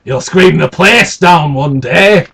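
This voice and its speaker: Stern little elf chief read by a man, slow and scolding, husky. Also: fairly high pitch, sharp tone, exaggerated voice. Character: stern chief brownie, a small male elf.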